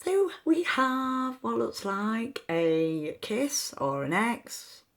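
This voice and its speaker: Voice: medium pitch, expressive, extremely slow, fairly bright tone. A rune reader giving a meandering, free-associating reading with chatty asides. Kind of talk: slow intuitive card-style reading.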